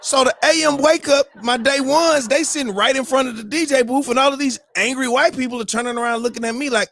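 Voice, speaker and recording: A man hosting a morning show, telling a story in a loose, animated way, whooping and mimicking crowd voices. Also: very high voice, brisk, gravelly, few pauses. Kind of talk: casual storytelling.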